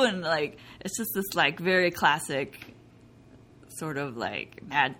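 Lively young woman playwright chatting. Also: low voice, slow, a little hiss or hum. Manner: animated, laughing, quotes people in bright voices. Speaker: playwright guest. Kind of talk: casual interview chat.

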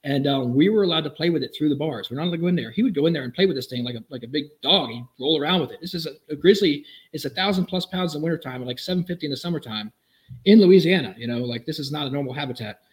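A man who builds custom vehicles, telling animated, enthusiastic stories as a podcast guest. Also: on the high side, poor audio. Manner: animated, enthusiastic, quick storyteller. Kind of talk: casual storytelling in a podcast interview.

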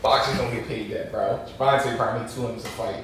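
A man's voice: mid-range voice, fairly even intonation, fast talker, fairly bright tone, far from the mic. A man in a casual podcast debate, agreeable, chiming in with short remarks. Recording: echoey room, off-mic with faint noise.

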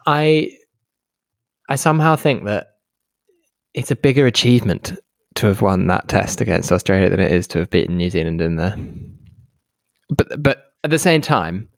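A young man co-hosting a podcast from home, talking in a halting way with many restarts and easy laughter. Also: lowish voice, lively intonation, gravelly, no echo, studio quality. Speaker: podcast co-host. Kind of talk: casual chat. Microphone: home microphone.

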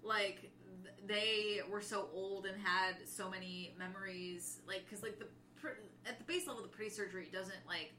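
A young woman co-hosting a casual book podcast, animated and laughing often as she retells scenes. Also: mid-range voice, moderate pace, slight background noise. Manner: animated, laughs often, acts out characters' lines. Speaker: podcast co-host.

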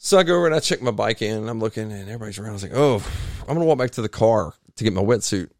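A man telling a long story on a podcast in a casual, animated way, acting out other people's voices. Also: on the low side, rapid-fire, no echo, clean studio sound. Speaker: podcast guest.

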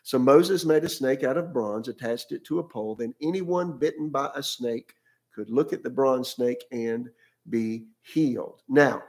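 A man's voice: medium pitch, measured pace. A male pastor preaching a sermon in a conversational way, often repeating words and asking his listeners questions.

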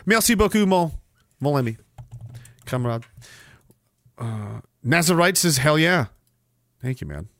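A man's voice: fairly high pitch, sing-song, unhurried, long pauses, dry recording. A man in his forties hosting a livestream, reading viewer comments aloud with profane, sarcastic banter and frequent laughter.

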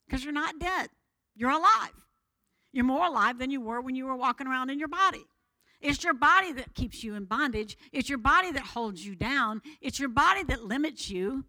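A woman pastor preaching a sermon, animated and expressive, shifting her voice loud and soft as she teaches. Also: sits high, low-quality recording.

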